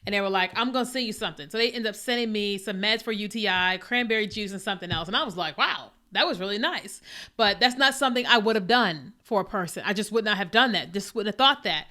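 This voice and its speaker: A woman's voice: medium pitch, fast, few pauses, pushed and bright. A woman podcast host telling personal stories in a casual, conversational faith talk, with lots of fillers and asides.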